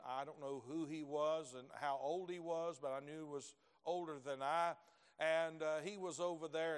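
A middle-aged preacher with a fairly high-pitched voice, carried by a long, ringing church reverb. He tells homely stories in a folksy way, sinking to quiet asides before rising to loud, shouted peaks. The mood throughout is a live sermon delivered from the pulpit. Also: clear, resonant tone.

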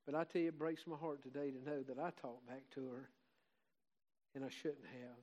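A man's voice: mid-range voice, little pitch movement, normal speed, darkish tone, lo-fi sound. An older man preaching a heartfelt Mother's Day sermon, rising to fervent emphasis. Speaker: pastor.

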